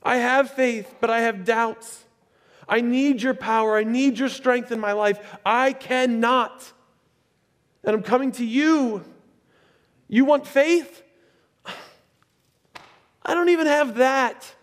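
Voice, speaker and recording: A man's voice: extremely high pitch, takes it slowly, long pauses, voice pushed up. A man voicing a desperate father who blurts out a plea, urgent and pleading. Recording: echoey hall with long reverb.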